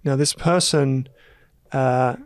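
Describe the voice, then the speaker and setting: A man's voice: medium pitch, fairly even intonation, clear, resonant tone, no echo, studio quality. A man with an Australian accent hosting a finance podcast, chatting casually with a joking, laughing manner. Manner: jokey, laughs often, quick asides. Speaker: podcast host, analyst. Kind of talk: casual chat.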